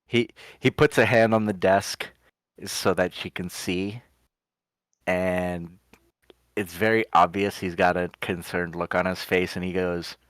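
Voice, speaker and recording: Playing a tabletop game, a man with a low, steady, slightly bright voice narrates what his character Gadri does and then speaks Gadri's lines. Unhurried, he introduces each line with "he goes." No echo is present.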